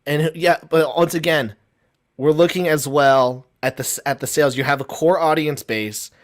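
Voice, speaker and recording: A man in a casual debate, talking in quick bursts with many false starts and restarts, animated as he argues his point. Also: on the high side. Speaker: guest.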